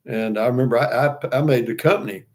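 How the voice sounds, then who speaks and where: A man's voice: medium pitch, fast. Folksy older man chatting on livestream. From Texas. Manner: folksy, rambling, many fillers and restarts. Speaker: livestream host. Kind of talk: casual chat reading viewer comments.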